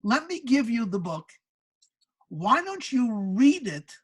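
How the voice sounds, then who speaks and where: Woman narrator doing an insistent older male scholar, eager and husky. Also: fairly high pitch, sing-song, slow, exaggerated voice.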